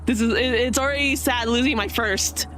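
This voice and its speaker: A woman's voice: a little high, normal speed, fairly bright tone, faint music behind. A young woman chatting casually, rambling with many fillers and sometimes tearful. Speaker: streamer. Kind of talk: casual chat.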